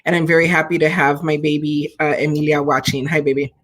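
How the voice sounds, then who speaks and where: Middle-aged woman, host, earnest, unhurried, calm counting voice, webcam mic. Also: low-pitched. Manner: warm, earnest, unhurried, counts breaths slowly. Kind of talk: livestream check-in show with guided breathing.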